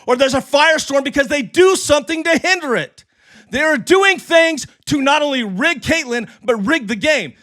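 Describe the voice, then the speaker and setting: A middle-aged man hosting a live sports stream, ranting and yelling into his mic with a voice that is going hoarse. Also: very high voice. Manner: heated, yelling, profane. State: losing his voice. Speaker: sports livestream host. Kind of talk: ranting live sports commentary, reading chat. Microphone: desk mic for a livestream.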